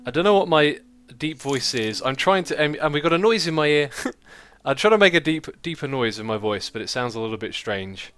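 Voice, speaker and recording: Bright-voiced man chatting on a game stream. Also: on the high side, lively intonation, brisk, few pauses, clean tone. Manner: chatty, laughs often, reads out donations and chat. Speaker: streamer host. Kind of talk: casual livestream chat while gaming.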